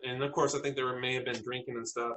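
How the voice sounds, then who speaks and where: A man from South Texas, a podcast interview guest, earnestly telling personal stories with halting restarts. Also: medium pitch, flat delivery, bright, forceful tone, a little hiss or hum, poor audio.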